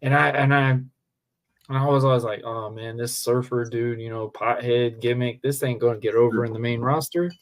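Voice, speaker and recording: Excited, rambling man talking wrestling. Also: medium pitch, moderate pace. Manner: enthusiastic, rambling, says "man" often. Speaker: pro wrestler guest. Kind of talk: casual podcast chat.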